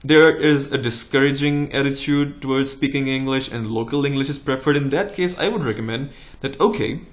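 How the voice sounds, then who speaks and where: A young man in his twenties with a slight American tinge, a doctor giving relaxed, encouraging exam tips in a casual vlog. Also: a little fast. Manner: relaxed, encouraging, with lively rises in pitch.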